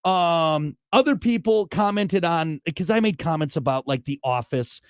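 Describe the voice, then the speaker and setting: Lively, mock-indignant male podcast host. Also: on the high side, normal speed, smooth, no echo, studio quality. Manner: animated, mock-outraged ranting. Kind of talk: casual chat.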